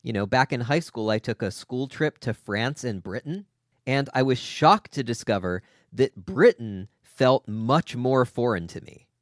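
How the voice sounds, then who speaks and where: A man's voice: medium pitch, lively intonation, measured pace, no echo, studio quality. An American man hosting a casual discussion, asking long, articulate questions. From United States. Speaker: host.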